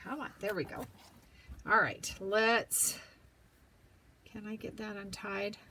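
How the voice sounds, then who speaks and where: A woman hosting a paper-craft tutorial, chatting to herself as she works, sometimes whispering, her voice going hoarse. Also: medium pitch, fairly even intonation, pushed and bright, slight background noise. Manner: slow, chatty, talks to herself while working, drops to whispers. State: losing her voice, clearing throat.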